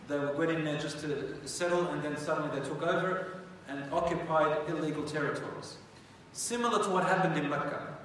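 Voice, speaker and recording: A man's voice: on the high side, a little fast, few pauses, a bit bright. A man teaching religious history as a conversational storytelling lecture, often asking his listeners rhetorical questions. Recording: echoey hall from far off, faint noise.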